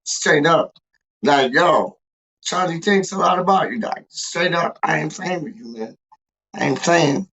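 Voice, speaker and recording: A man's voice: on the high side, measured pace, gravelly, fairly bright tone, breathy edge, dull audio. A man hosting a casual fan livestream, rambling hype talk packed with street slang. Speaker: fan channel host.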